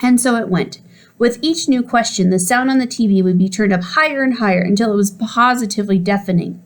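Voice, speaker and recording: Expressive woman reading a storybook. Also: on the high side, a little fast. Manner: expressive, puts on character voices. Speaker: audiobook reader. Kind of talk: storybook narration.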